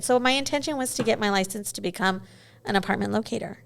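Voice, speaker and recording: A woman's voice: mid-range voice, fast, vocal fry. A woman in her forties, a guest in a casual interview, telling stories in a chatty way with many "you know"s.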